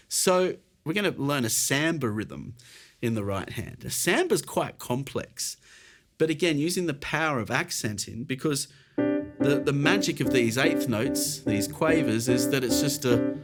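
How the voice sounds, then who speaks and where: A man's voice: mid-range voice, lively intonation, measured pace. A British man teaching an online piano lesson, encouraging and casual, explaining while counting and playing along. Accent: British English. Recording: faint piano music behind.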